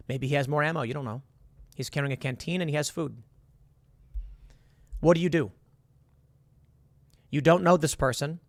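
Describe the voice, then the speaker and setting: Guy doing a commentary monologue, bit higher voice, lays out what-if scenarios, dead dry room. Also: no echo. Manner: talks through hypotheticals in second person, rising to emphatic bursts. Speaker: political commentary host.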